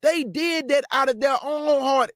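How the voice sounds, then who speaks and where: A man preaching to his listeners, emphatic and repetitive, calling them family and swinging between shouts and low asides. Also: measured pace, no room sound, studio quality. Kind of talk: street-style preaching.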